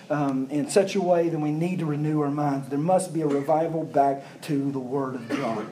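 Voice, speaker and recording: Fervent male pastor preaching, mellow tone. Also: a little high, moderate pace, hardly any pauses, slight background noise, poor audio. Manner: preaching with rising emphasis and repeated phrases. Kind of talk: sermon.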